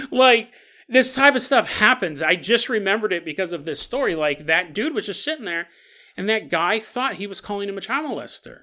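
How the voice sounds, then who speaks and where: Bright, high-voiced man telling a story. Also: lively intonation, normal speed. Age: 40s. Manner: rambling, self-correcting, chuckles through stories. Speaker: podcast host. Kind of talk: casual podcast storytelling.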